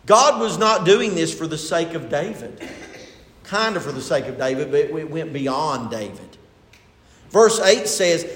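A man's voice: a little high, very animated, measured pace, a bit bright. A pastor preaching a sermon in church, asking his congregation rhetorical questions with rising emphasis. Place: church sanctuary. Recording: echoey church hall.

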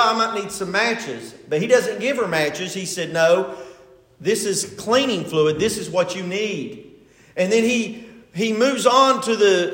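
A man's voice: high voice, fairly bright tone. An older man preaching a sermon as pastor, retelling a story in a folksy, conversational way. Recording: echoey hall.

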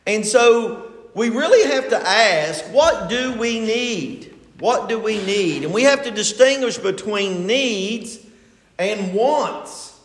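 A man's voice: high voice, lively intonation, slow. An older man preaching a sermon as pastor, retelling a story in a folksy, conversational way. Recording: echoey hall.

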